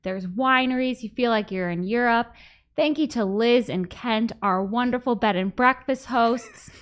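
A woman's voice: a little high, unhurried. A woman hosting a podcast, telling a story in a chatty, giggly way with lots of "like". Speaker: podcast host. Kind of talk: casual chat.

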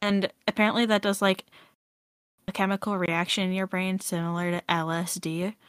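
Woman, podcast co-host, deadpan, dry close sound, mid pitch, casual. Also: moderate pace, clear, resonant tone, dry recording. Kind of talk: casual chat.

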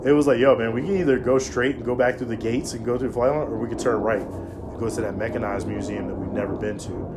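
A man in relaxed, profane storytelling mode, his voice sitting at a middle pitch. He acts out other people's lines, pitching up and getting louder for the quotes. Faint noise runs underneath. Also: fast. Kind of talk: casual storytelling.

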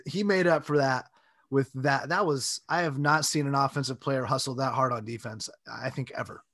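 A man co-hosting a casual sports podcast, talking in a relaxed, rambling way. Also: medium pitch, normal speed, no echo. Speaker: podcast co-host.

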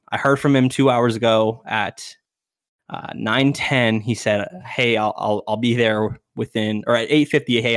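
A man's voice: fairly low pitch, no room sound, studio quality. Young man telling a rambling story. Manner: rambling, many filler "like"s, acts out quotes with raised voice. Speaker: podcast guest. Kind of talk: casual storytelling.

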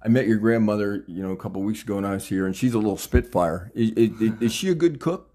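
Talkative man in his sixties, casual interviewer, eager and upbeat, a bit low-pitched. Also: steady tone, quick pace, warm tone. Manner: chatty, enthusiastic, laughs often.

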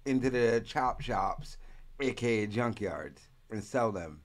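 A man's voice: lowish voice, animated, slow pace. A man on a casual podcast, blunt and crude, cutting in with offhand jokes. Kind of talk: casual chat.

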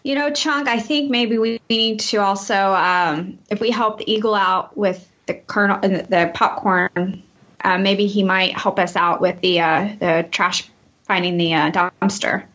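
A woman's voice: mid-range voice, fairly even intonation, a little slow, a bit bright. Hesitant woman player, lo-fi recording. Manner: hesitant, many fillers. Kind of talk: casual tabletop role-play. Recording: dull lo-fi recording.

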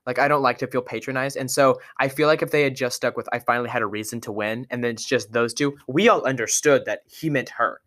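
A man's voice: mid-range voice, fairly even intonation, fairly bright tone. Eager young man co-hosting a movie podcast. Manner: enthusiastic, retells scenes with quick asides. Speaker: podcast co-host. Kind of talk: casual movie-review chat.

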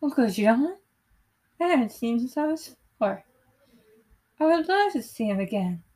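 Eager thirteen-year-old ballerina, bright and sweet, read by a woman in her own higher voice. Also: sing-song, moderate pace.

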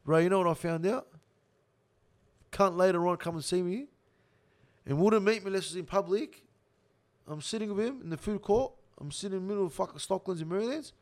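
Gravelly high-voiced man, swearing. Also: a little fast. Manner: profane, blunt, swears constantly; laughs through his own story. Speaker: guest telling a story. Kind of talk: casual storytelling.

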